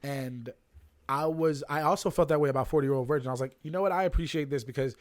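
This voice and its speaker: A young man co-hosting a casual movie podcast, animated and swearing freely as he acts out little rants. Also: on the high side, fast, no room sound. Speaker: podcast co-host.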